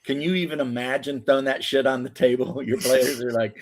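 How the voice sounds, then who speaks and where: A man's voice: mid-range voice, brisk. An American man telling stories in loose, profane casual chat. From United States. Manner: animated storytelling, swearing. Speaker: podcast host.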